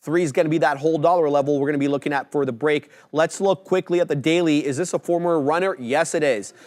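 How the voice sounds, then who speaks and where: A man hosting a live trading show, calling prices and chart moves in brisk, upbeat commentary and correcting himself as he goes. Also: fairly high pitch. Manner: brisk, self-correcting, upbeat ticker calls.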